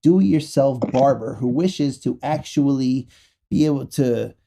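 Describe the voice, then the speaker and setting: A man's voice: medium pitch, unhurried, gravelly, mellow. A man hosting a podcast, rambling casually and profanely through a joking sponsor read. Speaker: podcast host.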